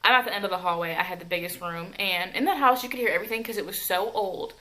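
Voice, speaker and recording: A young woman vlogger retelling a personal story in a casual, profane, animated way. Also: medium pitch, fast talker, a little hiss or hum.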